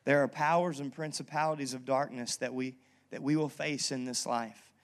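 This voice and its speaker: A man preaching a sermon as pastor, talking in a casual, lively storytelling way and checking in with the congregation. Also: mid-range voice, moderate pace. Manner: conversational, lively storytelling with frequent "okay?" asides. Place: church.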